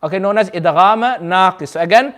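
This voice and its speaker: A Quran recitation teacher with a notably high, somewhat bright voice leads a group tajweed lesson in a community centre classroom. He patiently explains each rule, repeats it often, and draws recited words out slowly so the class can follow in call-and-response.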